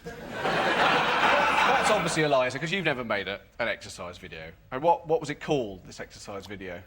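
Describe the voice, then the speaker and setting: A man's voice: mid-range voice, big pitch swings, moderate pace, noisy background. A man on a comedy panel, asking incredulous, probing questions.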